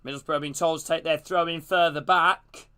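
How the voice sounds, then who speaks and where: A man streaming a live football watch-along, calling the play and greeting his chat in a casual, excitable way. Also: a little high, brisk, clean tone. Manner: casual, greets chat between plays, gets loud and excited on attacks.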